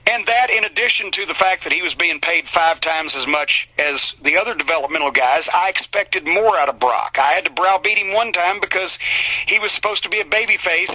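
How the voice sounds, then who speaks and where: Man, heated, swearing, high voice, dry close recording. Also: no echo. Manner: heated, profane, emphatic. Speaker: interview guest. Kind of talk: profane storytelling interview. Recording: slightly dull, dry recording.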